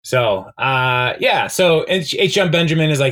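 A man's voice: on the high side, expressive, a little slow, fairly bright tone. A man co-hosting a podcast, casually recapping a TV episode in a rambling way, with lots of fillers and frequent laughs. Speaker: podcast co-host.

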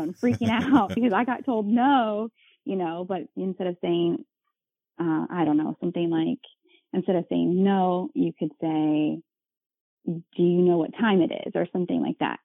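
A woman's voice: lowish voice, normal speed, no echo. A woman, a mother of young children, chatting as a podcast guest and acting out her kids' voices in examples. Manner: lively, acts out children's voices when telling examples. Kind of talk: casual chat. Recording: tinny phone-line sound.

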